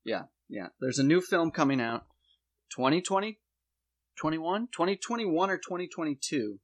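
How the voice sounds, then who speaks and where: Speaking at a normal pace in a fairly high voice, the comedy podcast host lays out a tongue-in-cheek conspiracy theory. His delivery stays deadpan while he leans on certain points for dramatic effect.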